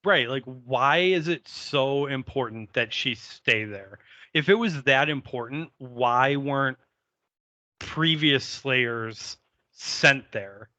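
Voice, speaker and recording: A man's voice: mid-range voice, pushed and bright, dry recording. A man co-hosting a podcast, recapping a TV episode in casual, opinionated chat with some swearing. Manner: deliberate, opinionated, occasional swearing. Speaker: podcast co-host.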